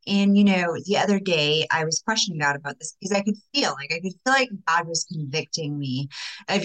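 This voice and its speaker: A woman's voice: on the low side, animated, fairly quick, fairly bright tone, rough recording. A young adult woman coaching women in faith-based self-confidence, talking casually and emphatically to her viewers with many fillers. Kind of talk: casual vlog talk to viewers.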